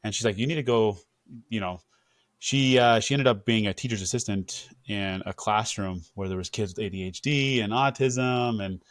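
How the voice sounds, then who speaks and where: A man's voice: fairly low pitch, moderate pace, no room sound, clean studio sound. Reflective man hosting a podcast. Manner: open, reflective, with fillers. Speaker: podcast host. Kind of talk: candid conversational storytelling.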